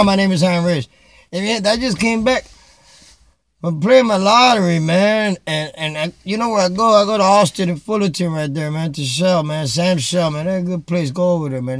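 A middle-aged man casually telling a funny story to his viewers, animated, dropping Spanish phrases and saying "man" a lot. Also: sits high, a little fast, dry recording. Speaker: vlogger. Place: Chicago.

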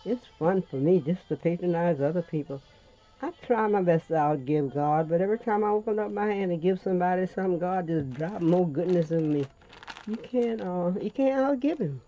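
Folksy older Louisiana woman, warm tone. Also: fairly low pitch, normal speed, muffled recording, faint music behind. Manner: folksy, rambling, calls viewers honey. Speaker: craft tutorial host. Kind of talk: chatty crafting tutorial.

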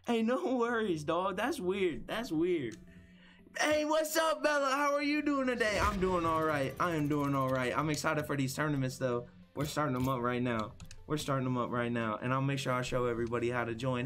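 A young man hosts a live gaming stream with viewer tournaments, chatting upbeat and hyped, greeting chat by name, repeating phrases and apologizing often. His mid-range voice moves at a normal speed with a fairly bright tone, and faint music plays behind him.

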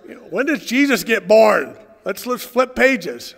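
A man preaching a sermon as pastor, swinging from loud, fervent lines to soft, hushed asides. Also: high voice, big pitch swings, measured pace, gravelly, in a large hall. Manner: preacherly, rising to shouts and dropping to hushed tones. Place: church sanctuary.

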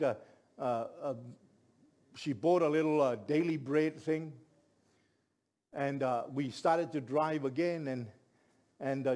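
A middle-aged man, a pastor telling a story in a sermon with lively, building delivery. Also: medium pitch. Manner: animated storyteller, rising to shouts at climaxes.

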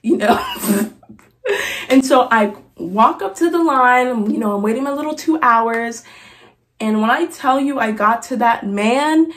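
Young woman vlogger, animated casual storyteller, slightly high voice. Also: measured pace. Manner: chatty, animated, laughing asides. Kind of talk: casual story-time vlog.

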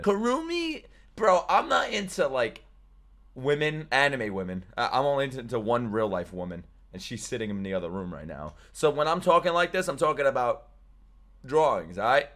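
A young man streaming casual reaction commentary, excitable and profane, jumping between loud outbursts and mumbled asides. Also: medium pitch.

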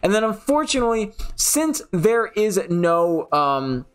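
A man's voice: high-pitched, big pitch swings, unhurried, clean tone. A young man from the New York area chatting casually over game footage, often correcting himself mid-sentence. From New York City area. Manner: chatty, self-correcting, rambling. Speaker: gaming channel host.

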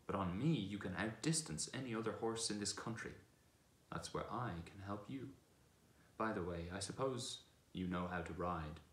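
A proud, brisk talking war horse, a stallion with a scornful, commanding manner, as a man reads him aloud from a storybook. The voice is very deep and low. It rings in an echoey room. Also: fairly bright tone, slight background noise. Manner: brisk, commanding, contemptuous at times.

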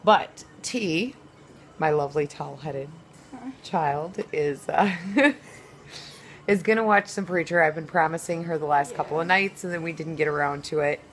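A woman's voice: sits low, normal speed, poor audio. A woman, a mother, chatting casually and teasingly to viewers while filming her family at home and in a store on a handheld camera. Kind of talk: casual family vlog chat. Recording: handheld camera with background noise.

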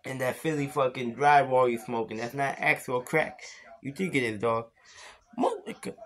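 A man's voice: medium pitch, fairly even intonation, normal speed. Tipsy man ranting profanely at commenters. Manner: slurred, profane and insulting, with sudden shouts. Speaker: beer vlogger. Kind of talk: rambling profane vlog rant.

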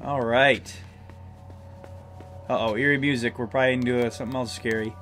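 A man playing a horror puzzle game as a let's-play, easily startled, yelling when scared and talking himself through the tense parts. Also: mid-range voice, fairly quick, music in the background. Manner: excitable, shouts in fright, talks himself through scares. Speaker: gamer.

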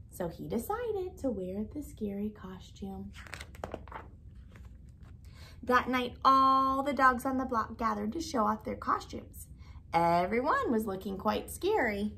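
A woman teacher reading a storybook aloud in an expressive, animated way. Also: on the high side.

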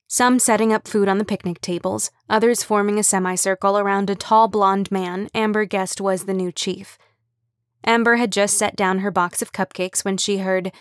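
A woman narrating an audiobook in an even, wry storytelling voice. Her pitch sits mid-range for a woman. The recording is dry and close, with no room sound. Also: no echo. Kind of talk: scripted narration.

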